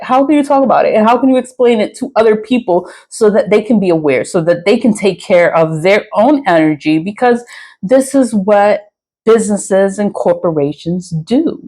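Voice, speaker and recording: Woman vlogger with a mid-range voice, rambling casually, blunt and profane, quick to laugh. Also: medium pitch, darkish tone, low-quality recording. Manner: frank, swears freely, laughs often. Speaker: spiritual vlogger.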